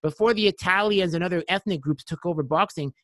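A man's voice: sits high, fast, fairly bright tone, no echo, clean studio sound. A man hosting a casual podcast interview, telling rambling stories and correcting himself as he goes. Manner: rambling, self-correcting storytelling. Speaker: podcast host.

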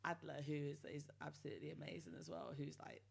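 A woman's voice: deep voice, steady tone, fast, vocal fry, slightly rough. A woman presenter telling a rambling story in casual banter, laughing often.

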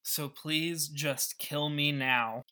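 A man's voice: medium pitch, steady tone, moderate pace, pushed and bright. A man voicing a furious sarcastic prophet. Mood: exasperated. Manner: exasperated, pleading outbursts.

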